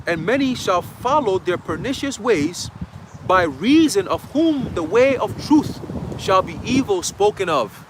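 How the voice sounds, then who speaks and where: A man's voice: high voice, a bit bright, slight background noise. A man preaching a dramatic, slangy sermon outdoors in a city, often checking in with his listeners. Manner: emphatic, checks in with "okay?". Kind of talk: street sermon.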